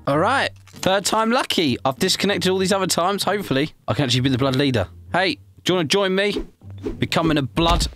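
A man's voice: sits high, expressive, fast talker, music in the background. A man with an English accent, a gaming YouTuber joking and roleplaying through a prison game with cheeky banter. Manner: cheeky, joking, calls people mate and son. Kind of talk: playful gameplay commentary and roleplay chat.

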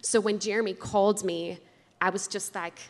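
A woman's voice: mid-range voice, steady tone, normal speed. A woman sharing a heartfelt testimony at a conference. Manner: earnest, heartfelt. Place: large conference hall. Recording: reverberant hall.

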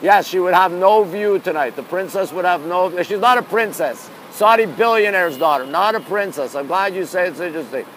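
This New York-accented man talks at a moderate pace with hardly any pauses, his high-sitting voice a bit bright. Live-streaming outdoors on a rainy city street at night, he chats casually and reads viewers' comments aloud into a phone in one hand, faint street noise behind.

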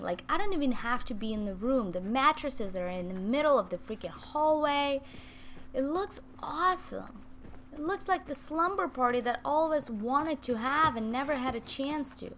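A young woman giving chatty, excitable let's-play commentary, talking to her viewers and shushing her cats. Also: sits high, normal speed, slight background noise. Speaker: gaming video host. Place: home room with cats nearby.

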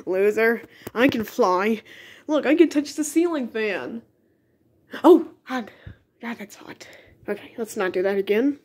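A woman's voice: on the high side, animated, slow pace, darkish tone, husky. Goofy woman voicing a homemade cartoon. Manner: playful, goofy, talks with many restarts. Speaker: toy cartoon creator voicing all the figures.

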